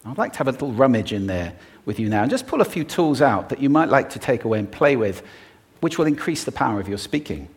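A man giving a talk on stage to an audience, expressive and playful, demonstrating different ways of using the voice. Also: medium pitch, fast talker. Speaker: public speaker.

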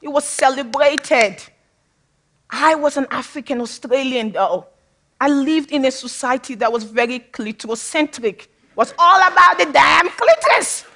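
A woman speaker from Sierra Leone telling her own story to an audience in a fairly high voice. She talks candidly and with humor, and often breaks into laughter. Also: lively intonation, unhurried, pushed and bright. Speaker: public speaker. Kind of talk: personal talk to an audience.

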